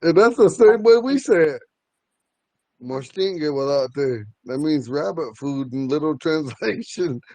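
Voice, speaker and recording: A man teaching a language class, telling stories in a relaxed way and laughing often. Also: fairly high pitch, normal speed, hardly any pauses, dry recording. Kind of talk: casual storytelling in class.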